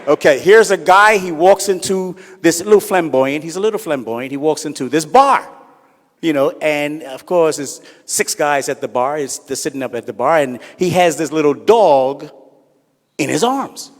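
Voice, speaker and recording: A man's voice: on the high side, expressive, normal speed. Man, stand-up host, raised voice, teasing banter, reverberant hall. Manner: chatty, teasing, asks the crowd for responses. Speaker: comedian and event host. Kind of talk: stand-up comedy and audience banter. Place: large hall at an awards event.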